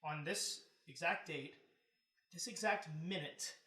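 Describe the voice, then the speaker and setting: A man's voice: fairly high pitch, takes it slowly, roomy sound, far from the mic. A man guesting on a podcast, chatting casually and animatedly about films and picking at plot holes. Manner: nitpicking, animated, swears casually.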